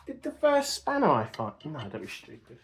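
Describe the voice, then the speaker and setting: Slightly high with huge pitch swings, his moderately paced voice narrates a car restoration vlog from his home workshop. Chatty and self-deprecating, he talks to himself while fixing up an old car amid workshop noise and barking dogs.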